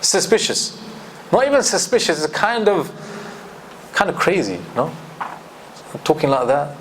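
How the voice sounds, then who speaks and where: A man teaching a scripture commentary lesson in a lively way, acting out quoted speech and reciting Arabic verses. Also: fairly high pitch, a little slow, slight background noise.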